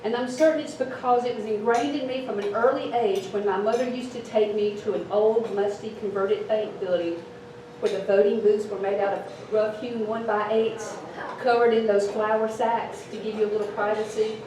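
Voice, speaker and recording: A Mississippi woman in her fifties with a deep Southern accent competes in a live storytelling event. She speaks at a moderate pace with a mellow voice and fairly even intonation. The recording is noisy, with a distant mic in an echoey event hall with an audience.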